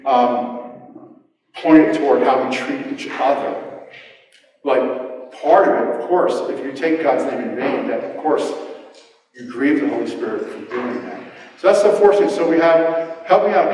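A man preaching a casual, animated sermon to his church, acting out quotes in sudden voice jumps and poking fun at himself. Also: mid-range voice. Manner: animated, self-deprecating, acts out quotes with voice jumps. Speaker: pastor. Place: church hall. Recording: roomy hall, mic at a distance.

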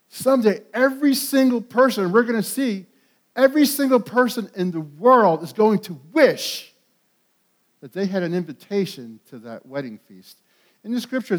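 A pastor with a high-pitched voice delivers a sermon to his congregation. He speaks with animated emphasis, building to loud peaks, repeating words and restarting quickly.

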